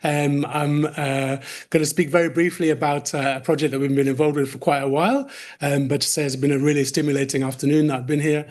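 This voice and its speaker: Young English-accented male presenter, friendly, slightly high voice. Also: fairly even intonation, fairly quick, a little mellow. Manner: friendly, apologetic, mixes in Arabic phrases. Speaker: community researcher presenting. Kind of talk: conference presentation.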